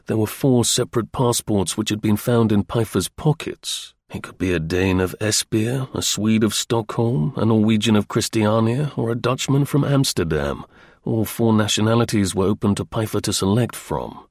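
Low-voiced man reading an audiobook. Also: normal speed, a little mellow, dry recording, clean studio sound. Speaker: narrator. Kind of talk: audiobook narration.

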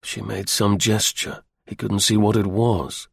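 Male audiobook narrator, husky and gravelly, measured literary delivery. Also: on the low side, flat delivery, no room sound, studio quality. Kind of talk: scripted narration.

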